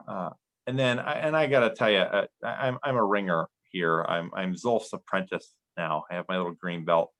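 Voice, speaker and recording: A man's voice: lowish voice, normal speed, fairly bright tone, poor audio. A young man chatting as a podcast guest, rambling with many fillers and restarts. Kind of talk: casual chat.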